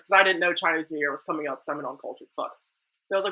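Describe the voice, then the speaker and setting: A man's voice: high-pitched, quick pace, poor audio. A young man hosting a casual podcast chat, telling stories with lots of swearing. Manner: animated storytelling, swears freely. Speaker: podcast host.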